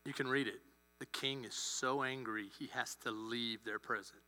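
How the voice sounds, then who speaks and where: A male pastor telling a story in a sermon, animated, acting out the characters' lines. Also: mid-range voice, normal speed. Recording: long hall reverb with mains hum.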